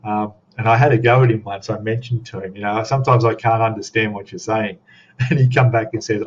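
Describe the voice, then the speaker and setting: A man's voice: fairly low pitch, fairly even intonation, brisk. A man with an Australian accent chatting casually on a live stream as a scale model host, rambling and reading chat comments aloud. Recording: dull lo-fi stream audio with faint noise.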